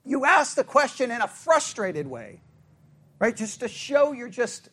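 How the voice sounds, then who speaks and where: A man teaching a Bible study class in an animated, conversational way, asking the class questions and correcting himself as he goes. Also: extremely high pitch, a little slow.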